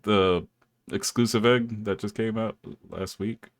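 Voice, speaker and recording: A man's voice: fairly low pitch, fairly even intonation, measured pace, dry recording. A young man hosting a podcast, telling stories in a laid-back way and laughing often. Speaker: podcast host. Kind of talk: casual chat.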